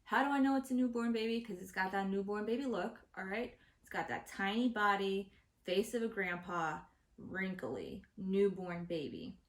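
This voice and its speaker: A woman rants exasperated to her audience, swearing freely in a casual opinion vlog. Her voice sits at an ordinary middle pitch. It carries an echoey room sound from a home recording. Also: expressive, moderate pace. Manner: profane, exasperated ranting. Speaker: vlogger host. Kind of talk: casual opinion rant to camera. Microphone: home recording setup.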